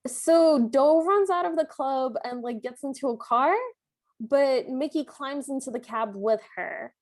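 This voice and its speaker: A woman with a slightly high voice recaps a film on a podcast. She talks casually, stringing her thoughts together with plenty of filler words. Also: measured pace. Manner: chatty, filler-heavy storytelling with frequent "like". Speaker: podcast co-host.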